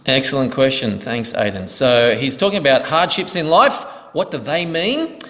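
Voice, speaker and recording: A man's voice: mid-range voice, animated, normal speed, bright, forceful tone. A man leading a question-and-answer teaching session as pastor, explaining answers earnestly. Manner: earnest, explanatory, thanks each asker. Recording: reverberant hall.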